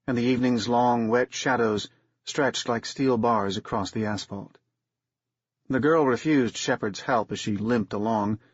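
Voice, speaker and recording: An audiobook narrator with a husky, mid-range voice reads a scripted story at a steady, unhurried pace. The recording is dry, dull, and muffled.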